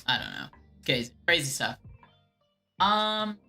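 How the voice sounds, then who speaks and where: A woman's voice: fairly low pitch, big pitch swings, measured pace, pushed and bright, soft background music. A woman streamer casually rambling through chat questions in a laid-back way, a voice she calls whiny. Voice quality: calls her own voice whiny.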